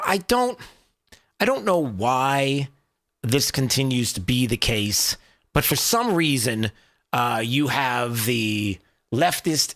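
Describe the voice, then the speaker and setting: A man's voice: mid-range voice, fairly bright tone. An American man hosting a political talk radio show, sarcastic and rambling with many fillers.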